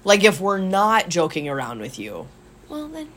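A woman's voice: medium pitch, normal speed, a little hiss or hum. A woman co-hosting a podcast as a gym coach, telling stories in a casual, laughing way from a small office. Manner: laughing, animated storytelling. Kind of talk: casual chat.

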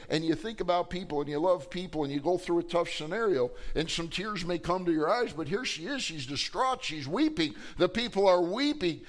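A man's voice: sits high, lively intonation, fairly quick, few pauses. A man preaching a Sunday sermon as pastor, acting out the people in the story in dramatic voices. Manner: preaching with dramatic acted quotes. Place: church sanctuary.

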